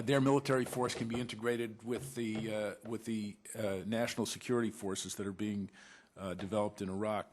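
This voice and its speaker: Halting male law professor lecturing. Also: medium pitch. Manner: halting, many uh fillers and restarts. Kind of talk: academic conference talk. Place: lecture room at a law school panel.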